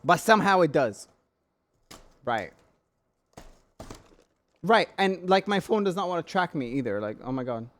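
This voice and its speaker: A man's voice: fairly high pitch, big pitch swings, measured pace, long pauses, fairly bright tone. A young man streaming live, ranting in an irritated, sweary way and repeating his questions as he complains. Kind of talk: casual live-stream chat.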